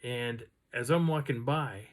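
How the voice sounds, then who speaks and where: A man casually recounting an outdoor encounter in a rambling, animated way, now and then imitating the sounds he heard. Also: mid-range voice, measured pace. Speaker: outdoor storyteller. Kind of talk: casual first-person storytelling.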